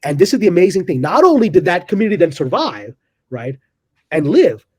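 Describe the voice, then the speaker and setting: Guy telling a history story all animated, kinda high voice that swings a lot, acts out the lines. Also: brisk, breathy edge, no echo. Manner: acts out quotes with big pitch jumps. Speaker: guest storyteller.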